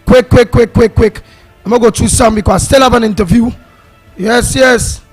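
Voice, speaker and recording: A man's voice: very high-pitched, fairly even intonation, moderate pace, husky, no room sound, soft background music, low-quality recording. A man with a Trinidadian accent hosting a call-in radio show, emphatic and fiery, repeating words and slipping into a sing-song. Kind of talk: animated call-in radio talk.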